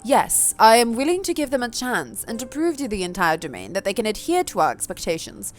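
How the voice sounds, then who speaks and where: A woman's voice: a little high, sing-song, a little fast, soft background music. A woman voicing a composed, elegant vampire noblewoman in a put-on, old-fashioned posh accent, formal and refined. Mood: poised.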